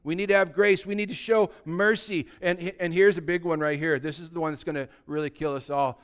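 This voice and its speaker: High, clear-voiced man preaching. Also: fairly even intonation, brisk. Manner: exhorting, swings from quiet to loud, humorous asides. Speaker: pastor. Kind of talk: sermon.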